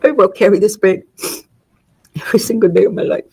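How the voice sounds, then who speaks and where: A middle-aged woman reading a prepared victim impact statement in court. She speaks in a measured, grieving way and makes small slips as she reads. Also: medium pitch, steady tone, gravelly, dark tone, slight background noise, low-quality recording.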